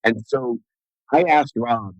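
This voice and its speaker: A man's voice: mid-range voice, slow pace, dry recording, lo-fi sound. A man as a podcast guest, telling a personal story in an earnest way and acting out the dialogue within it. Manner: earnest, acts out quoted dialogue in his story.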